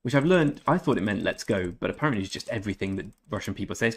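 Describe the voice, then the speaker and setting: A man's voice: on the low side, lively intonation. A man streaming a game, chatting casually with viewers, reading out their messages and stumbling through German phrases. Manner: chatty, reads out and answers viewer chat, halting German attempts. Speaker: gaming streamer. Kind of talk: casual live-stream chat.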